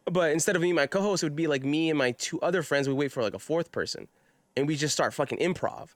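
Young dude host rambling and swearing, kinda high voice, dry close sound. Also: male voice, fast, no room sound. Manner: rambling, heavy use of "like", swears freely. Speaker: podcast host. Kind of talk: casual chat.

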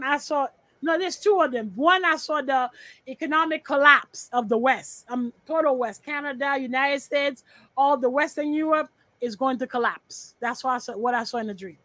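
A woman's voice: high-pitched, moderate pace, sharp tone, no room sound. A woman guesting on a podcast over a remote call, talking bluntly with profanity and repeating her points. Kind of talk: casual podcast chat.

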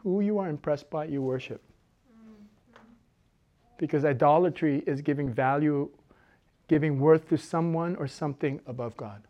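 A middle-aged woman pastor preaching a sermon in an animated way, moving from loud exhortation to quiet intensity and laughing often. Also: low voice, moderate pace, long pauses, muffled recording.

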